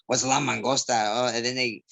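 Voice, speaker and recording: A man from Southgate, California, an MMA fighter, appears as a casual interview guest and wanders through stories, doing impressions along the way. His mid-range voice is brisk, creaky and fairly bright, with little pitch movement.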